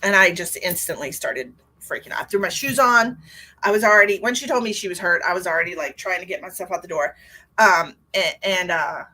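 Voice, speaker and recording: A woman's voice: on the low side, a little fast, pushed and bright. A middle-aged woman, a psychic medium, chatting casually on a live stream and telling a story. She laughs often and greets viewers by name.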